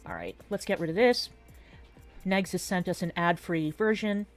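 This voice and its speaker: Lower-voiced woman, gossipy stream chat. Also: very animated, moderate pace, soft background music. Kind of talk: chat on a played stream clip.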